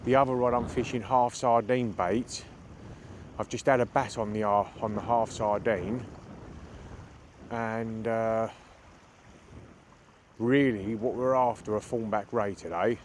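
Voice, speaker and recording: Out on an open beach at night, battered by a strong cold wind, a UK fishing vlogger talks his viewers through his session in a casual chat to camera. He has a lowish voice with fairly even intonation, speaking at a measured pace with long pauses, and the mic picks up heavy wind noise.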